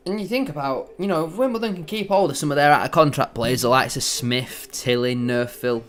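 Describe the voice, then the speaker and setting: An excitable man giving gloating, bantering live commentary as a football fan on a match watchalong stream. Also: fairly high pitch, a little fast.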